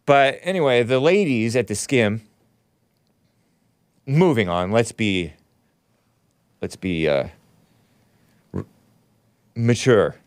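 A male host talking loosely on his own show, wandering from point to point with quick asides and chuckles. His voice is smooth and clean, recorded close and dry with no room sound. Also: medium pitch, animated, dry recording. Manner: rambling, joking asides to viewers, reads chat comments. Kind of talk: casual talk show commentary.

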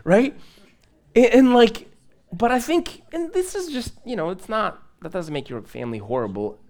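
A man's voice: high-pitched, sing-song, moderate pace, darkish tone. A man preaching a live sermon in church, from Moldova, chatty and conversational, laughing and adding asides. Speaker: pastor.

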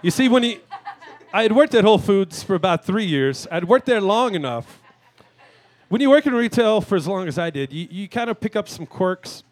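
A man in his thirties hosting a live talk show, delivering a crude, self-mocking comic monologue with sudden shouted rants. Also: high-pitched, animated, normal speed. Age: 30s. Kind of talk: stand-up style monologue. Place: live venue stage.

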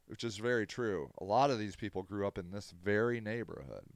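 A man hosting a podcast, reading news articles aloud and ranting about them in a heated, profane way, with sudden loud bursts of anger. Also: lowish voice, animated, dry recording. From Akron, Ohio. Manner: quick flashes of anger, loud outbursts. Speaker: podcast host.

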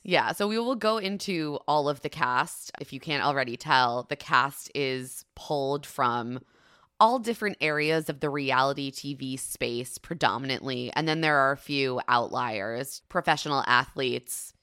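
A woman co-hosting a podcast, talking in a relaxed, conversational way and steering the discussion along. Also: very deep voice, unhurried, clean tone, dry recording, studio quality. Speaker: podcast co-host. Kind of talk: casual chat about a TV show.

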